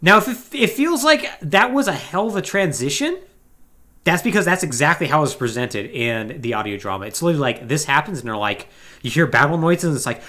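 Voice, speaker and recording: Animated male podcast host. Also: a little high. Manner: animated storytelling, acting out quoted lines. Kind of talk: casual podcast recap.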